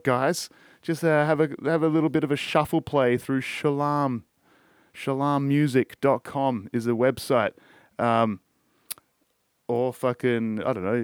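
A man's voice: a little high, clear, resonant tone, no echo, studio quality. An Australian man hosting a podcast, talking casually and rambling, swearing constantly and trailing off with shrugging asides. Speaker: podcast host. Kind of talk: casual solo podcast monologue.

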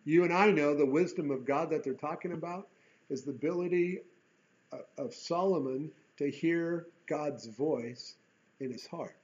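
A male Bible teacher with a fairly high voice works through a chapter verse by verse. He reads the text aloud and keeps breaking into folksy asides and rhetorical questions. The recording sounds dull and lo-fi. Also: a little slow, a little mellow.

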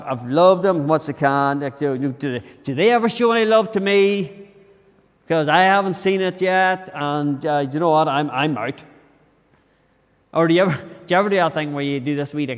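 A man's voice: fairly high pitch, a little fast, big-room sound. A man preaching a sermon in a church, talking earnestly and conversationally, often restarting his sentences. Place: church during a service.

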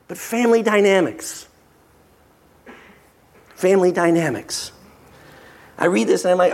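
A male pastor preaching a sermon, emphatic and swinging from animated to hushed. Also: high-pitched, measured pace, pauses often.

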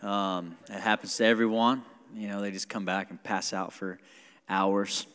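A man leads a church service as pastor, talking in a loose, informal way with the odd filler. His voice sits low, and the sound carries a long reverb from the hall. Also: normal speed, smooth. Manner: relaxed, informal, hesitant with fillers. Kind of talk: casual church announcements.

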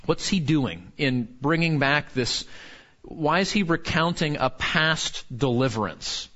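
A man's voice: fairly high pitch, animated, takes it slowly, pushed and bright, lo-fi sound. A man teaching a Bible study in a conversational sermon, earnest, asking the group questions and restarting his sentences.

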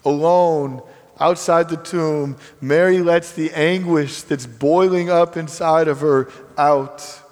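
A man's voice: fairly high pitch, fairly even intonation, slow. Earnest male preacher in a reverberant hall. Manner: earnest, swings from hushed to emphatic. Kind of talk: sermon.

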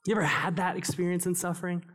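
A male pastor preaching a sermon, swinging between raised, emphatic passages and hushed, low ones. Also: steady tone, quick pace, slightly rough.

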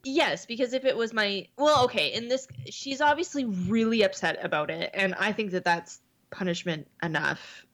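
A woman's voice: medium pitch, animated, moderate pace, fairly bright tone. A woman co-hosting a casual podcast, speaking in a candid, earnest and personal way. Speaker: podcast co-host. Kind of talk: casual chat.

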